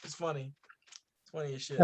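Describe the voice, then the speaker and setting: A man's voice: on the high side, little pitch movement, fairly quick. A man in casual chat, cracking crude, profane jokes and bantering loosely.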